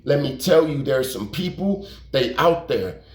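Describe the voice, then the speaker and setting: A little slow yet animated, this man's mid-range voice carries a casual, rambling story for YouTube. He repeats himself and emphasizes points with slang and cursing, and the recording has a roomy echo.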